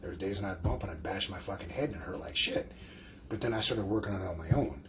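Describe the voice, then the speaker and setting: A man's voice: low-pitched, quick pace, noisy background. Profane storytelling man. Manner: profane, animated storyteller who acts out quotes. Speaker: podcast host and pro wrestler. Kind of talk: casual storytelling chat.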